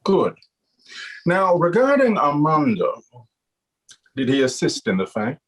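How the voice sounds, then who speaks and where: A man plays a stern male official who asks his questions in clipped, measured lines. The voice is slightly husky, and its pitch moves a good deal across each sentence. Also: huge pitch swings, full character voice, poor audio. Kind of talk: voice acting read in a recording session.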